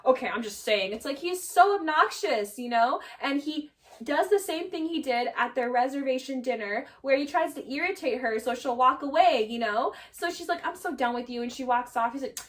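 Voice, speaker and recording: A woman's voice: high-pitched, moderate pace, recorded from a distance. A woman giving a casual, gossipy recap of a reality show. She fills her talk with "like" and acts out quotes from the episode. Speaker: recap vlogger.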